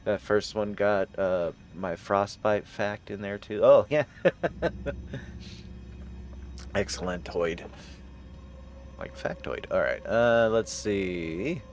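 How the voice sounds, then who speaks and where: A man's voice: lowish voice, slow pace, soft background music. A man streaming a game live, joking with his chat, swearing at misses and reading item text aloud. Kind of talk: live gameplay commentary.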